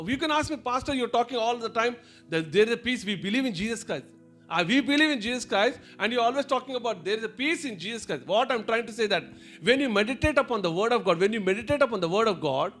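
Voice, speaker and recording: A man's voice: very high voice, a bit bright. A male pastor preaching and then praying, often repeating and restarting his phrases. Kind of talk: sermon and prayer.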